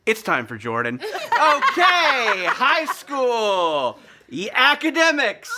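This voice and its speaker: A man's voice: very high voice, wildly swooping pitch, slow, noisy background. A male host in casual chat, self-mocking and jokey, laughing often.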